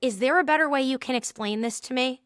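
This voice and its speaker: A woman hosts a talk show on her own. Her voice is bright, clear and fairly high, recorded close and dry. She tells stories and slips into the voices of the people in them. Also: quick pace, no room sound. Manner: lively storytelling, acting out quoted dialogue. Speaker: podcast host. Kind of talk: casual solo talk with anecdotes.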